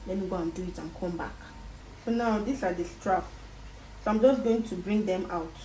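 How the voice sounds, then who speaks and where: A woman's voice: on the low side, moderate pace, warm tone. A woman with a Nigerian accent walks through a sewing project step by step, patiently repeating each instruction as she works. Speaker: sewing tutor. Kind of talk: casual step-by-step sewing tutorial. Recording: roomy echo with faint background noise.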